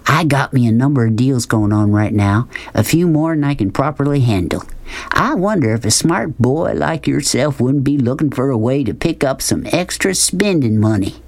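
A man reading an audiobook, voicing a big, pushy, loud-talking man who hollers and hoots in a folksy drawl. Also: mid-range voice, animated, normal speed. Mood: scheming.

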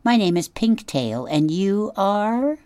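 A woman's voice: big pitch swings, slow pace, a little mellow, clean tone, no echo. A woman voicing a small, timid, chatty female opossum in a storybook reading, fretful and gasping. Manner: gasping, fretful, higher voice than her narration. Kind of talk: audiobook character voice.

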